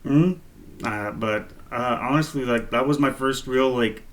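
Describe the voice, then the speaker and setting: A man's voice: mid-range voice, measured pace. Rambling laid-back man telling stories. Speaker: podcast co-host. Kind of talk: casual storytelling chat.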